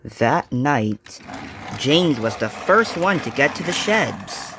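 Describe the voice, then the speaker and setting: A man's voice: medium pitch, big pitch swings, takes it slowly, bright, forceful tone, slight background noise. Man reading a homemade train story. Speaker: narrator. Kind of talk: amateur storybook narration.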